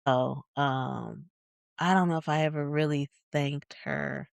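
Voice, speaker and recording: A podcast co-host from Michigan telling a personal story in a reflective way, with many fillers and quick bursts of narration. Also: mid-range voice, fairly even intonation, gravelly, no echo.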